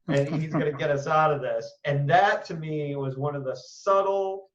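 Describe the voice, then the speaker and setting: A man hosting a casual panel discussion, talking in an animated, emphatic way with quick asides. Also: fairly high pitch, reverberant, recorded from a distance, dull audio. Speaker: podcast host.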